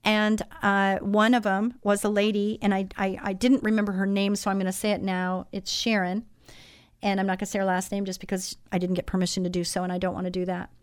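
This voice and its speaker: A woman's voice: mid-range voice, flat delivery, a little fast, smooth, no echo, clean studio sound. A woman hosting a Christian radio talk show, speaking conversationally with many fillers.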